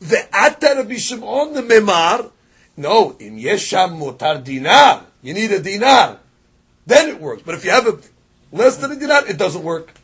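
Guy teaching talmud, kinda husky, slightly high voice, jumps up loud on the big points. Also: normal speed. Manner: explains in a back-and-forth, mixing Aramaic readings with English; animated, rises sharply on key points. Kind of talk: Talmud lesson.

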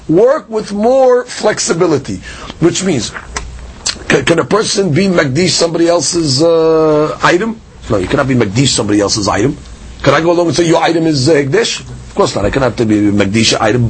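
A man with a high, breathy voice teaches a Talmud lecture. He reasons aloud through questions and answers, swinging his pitch and speed to stress each point.

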